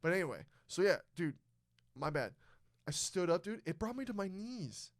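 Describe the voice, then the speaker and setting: A young man hosting a casual podcast, telling a story loudly with plenty of swearing. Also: sits high, normal speed, dry recording, studio quality. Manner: loud, swearing, animated storyteller. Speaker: podcast host. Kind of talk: casual chat.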